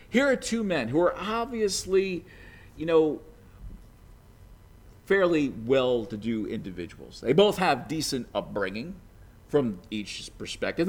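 A man delivers a sermon in a relaxed, conversational manner, sprinkling in "you know" before swelling into emphatic, energetic passages. His voice sits a bit high for a man and swings widely in pitch. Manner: conversational preaching with frequent "you know", rising to emphatic bursts. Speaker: preacher.

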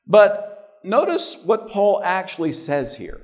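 A man preaching a sermon in a conversational way, often repeating words as he starts a thought and swinging between emphatic and quiet phrases. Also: high voice, sing-song, takes it slowly.

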